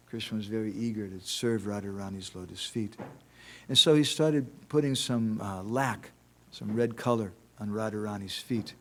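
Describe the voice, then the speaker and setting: A man's voice: lowish voice, moderate pace. Man, temple lecturer; conversational devotional talk with stories and rhetorical questions. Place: temple hall.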